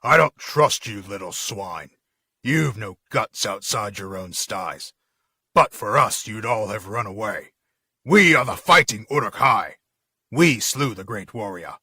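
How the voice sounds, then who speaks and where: A man's voice: lowish voice, animated, measured pace, sharp tone, husky, no room sound, exaggerated voice. A man voicing a boastful, brutal male orc captain in a dramatic reading, growling and domineering.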